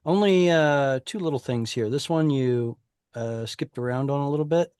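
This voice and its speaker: A man's voice: mid-range voice, moderate pace, darkish tone, clear, resonant tone, dry recording, clean studio sound. A man teaching an online class, explaining patiently over a video call with frequent fillers. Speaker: Hebrew teacher.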